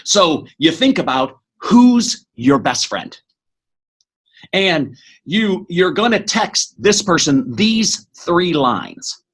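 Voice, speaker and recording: A middle-aged man speaking as a podcast guest, giving an energetic motivational talk that is quick and full of restarts. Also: sits high, breathy edge. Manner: energetic, fast, with many restarts.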